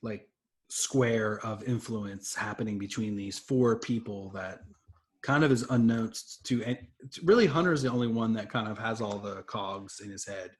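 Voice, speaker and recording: A man's voice: lowish voice, normal speed. Podcast co-host, male, rambling casual plot recap, loose and chatty. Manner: rambling, summarizes plot with many fillers. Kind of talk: casual comic book discussion.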